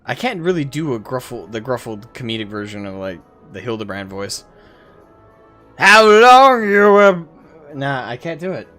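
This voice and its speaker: A man's voice: lowish voice, expressive, fairly quick, hardly any pauses, faint music behind. A man giving casual, amused game commentary, laughing often and swearing freely. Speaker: game streamer.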